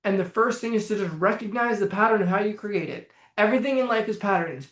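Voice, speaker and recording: A man coaching on anxiety in a casual talk straight to camera, blunt and profane, animated, with bursts of laughter. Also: sits high, quick pace, roomy sound.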